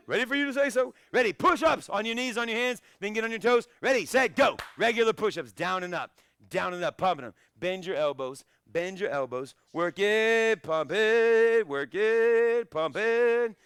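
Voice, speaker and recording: Male karate instructor, dry close sound, energetic drill calls and jokes. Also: fairly high pitch, no room sound. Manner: energetic, shouts encouragement and countdowns, jokes between sets. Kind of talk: live online fitness class coaching.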